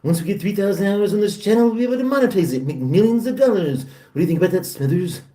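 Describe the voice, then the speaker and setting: A man's voice: high-pitched, animated, fast, dark tone, distant mic, pitched above the performer's own voice. A man doing a scheming old cartoon tycoon.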